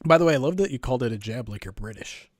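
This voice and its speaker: A man co-hosting a sports podcast, chatting casually with halting restarts. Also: mid-range voice, expressive, dry recording. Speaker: podcast co-host.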